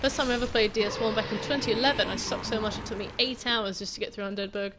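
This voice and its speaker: A woman's voice: medium pitch, steady tone, fast talker, background noise. A woman game streamer giving casual, rambling gameplay commentary and swearing now and then.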